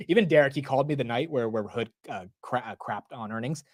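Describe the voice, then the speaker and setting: Young man, stock market stream host, slangy and excitable, rambling restarts, mid pitch, dry close sound. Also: fast talker, dry recording. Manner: slangy, excitable, says bro and dude often. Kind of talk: casual live market commentary.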